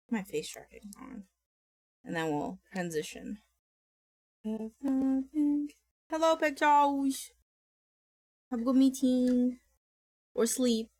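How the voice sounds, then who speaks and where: A woman streamer in a casual live-stream chat, bubbly and chatty, greeting viewers by name. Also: medium pitch.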